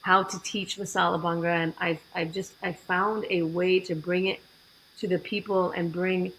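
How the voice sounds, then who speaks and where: A woman guest on a podcast, telling her story in a lively way and acting out the dialogue she quotes. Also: fairly low pitch, moderate pace, slight background noise, low-quality recording. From United States. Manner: animated, acts out quoted dialogue. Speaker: fitness program founder, guest.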